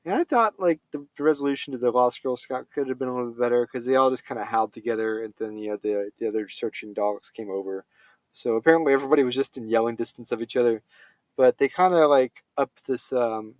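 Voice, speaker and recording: A man's voice: mid-range voice, fast, no echo. Casual male film reviewer, rambling and unscripted, mid-range voice, dry sound. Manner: rambling, full of fillers and self-corrections.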